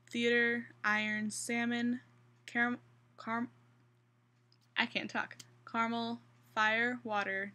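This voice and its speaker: A woman's voice: medium pitch, bright, forceful tone. A young woman with a Central Kansas accent chatting casually through an accent challenge, rambling with restarts and fillers. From Kansas, USA. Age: young adult. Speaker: vlogger.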